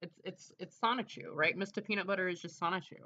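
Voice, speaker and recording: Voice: mid-range voice, fairly even intonation, quick pace, bright, forceful tone, dull audio. A streamer chatting casually and rambling, full of fillers and trailing thoughts. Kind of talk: casual livestream chat.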